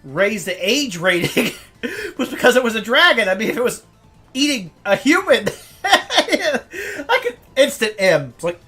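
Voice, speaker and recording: A woman's voice: fairly high pitch, big pitch swings, measured pace, a bit bright, husky, faint music behind. A woman streamer chatting casually, ranting and swearing with frequent laughter.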